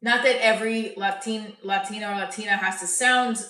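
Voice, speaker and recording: Woman comic host, bright voice, rambling jokey delivery, roomy echo, a bit off-mic. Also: mid-range voice, fairly even intonation, brisk. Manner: rambling, self-interrupting, jokey. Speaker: comedian hosting a livestream. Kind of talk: casual chat with live chat. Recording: echoey room, voice a bit far from mic.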